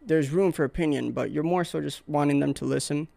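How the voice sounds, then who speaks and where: A man's voice: a little high, moderate pace, creaky, mellow, no echo. A young man hosting his own podcast, telling rambling, profane stories and acting out quotes in a casual monologue. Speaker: podcast host.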